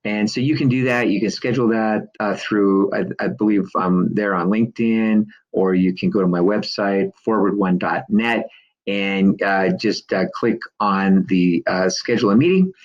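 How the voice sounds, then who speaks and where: A middle-aged man, a business coach, telling a personal story with many fillers and light chuckles, then pitching his services. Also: moderate pace, dull audio.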